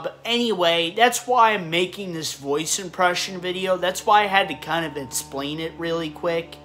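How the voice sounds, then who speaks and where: A man's voice: fairly high pitch, bright, forceful tone. A man talking casually to camera as a video creator, rambling and stumbling over his words. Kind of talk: casual vlog talk.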